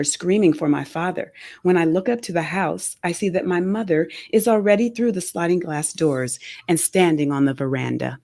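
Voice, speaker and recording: A woman author reading her memoir aloud with a measured, expressive delivery in a radio studio. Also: deep voice, creaky, no room sound. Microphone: studio microphone.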